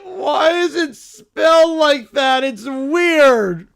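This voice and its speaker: A spoiled cartoon little boy whines and sobs over every small thing, as an actor puts him on. His high voice drags out each complaint at a slow pace. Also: animated, gravelly, a bit bright, full character voice. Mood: whiny. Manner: whining, crying, complaining.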